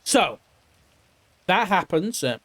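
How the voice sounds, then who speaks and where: A man's voice: high voice, very animated, slow, fairly bright tone, dry recording. A man recapping an investigation in character, rambling and swearing a lot, sometimes mimicking other people. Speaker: roleplay streamer.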